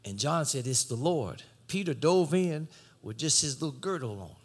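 A man preaching a sermon, swinging from shouted exhortation to low conversational teaching. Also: lively intonation, moderate pace.

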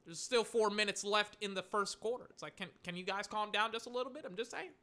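Excitable high-voiced young man reacting live. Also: fast. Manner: excitable, rambling, exasperated asides. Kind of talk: live game reaction commentary.

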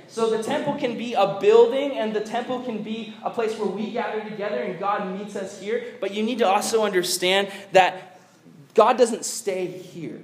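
Male youth pastor, high voice, animated and chatty, throws in "like" a lot. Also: moderate pace, a little hiss or hum, low-quality recording. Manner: animated, acts out quoted voices; conversational with fillers like "like". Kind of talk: youth sermon.

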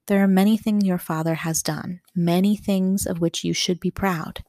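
A woman voicing a reserved adult housemaid who speaks quietly and guardedly. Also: fairly low pitch, fairly even intonation, normal speed, no room sound, clean studio sound, close to an everyday voice.

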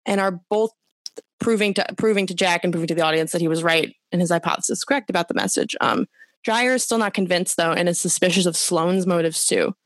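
A woman co-hosting a podcast, retelling TV episodes in animated, profane casual chat. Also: fairly low pitch, fast, no echo. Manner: animated and profane, with frequent fillers. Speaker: podcast co-host. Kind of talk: casual chat recapping a TV show.

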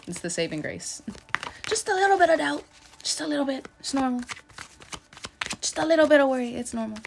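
A woman's voice: medium pitch, a little hiss or hum. A young woman hosting a podcast, giving a casual, chatty tarot reading with frequent laughs and loose filler-heavy talk.

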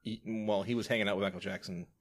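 Lowish-voiced man chuckling through movie talk. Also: steady tone, fast. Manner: laughs mid-sentence, restarts and hedges. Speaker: podcast co-host. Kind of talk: casual movie chat.

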